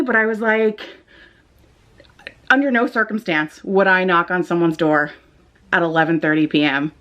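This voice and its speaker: A young woman vlogging a storytime, animated and rattled, swearing freely and filling her talk with "like" and "um". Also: mid-range voice. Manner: animated, swearing, lots of fillers. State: shaken. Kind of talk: casual storytime vlog.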